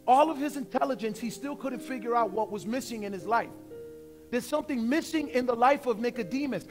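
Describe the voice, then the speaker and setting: A man in his forties preaching a sermon as pastor, conversational and emphatic, slowing down to stress points. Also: extremely high pitch, faint music behind. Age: 40s.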